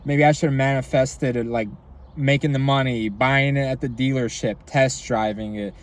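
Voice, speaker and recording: A young man talking straight to camera in a casual monologue, excited and rambling, with lots of fillers and frequent swearing. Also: medium pitch, normal speed. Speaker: vlogger and coach.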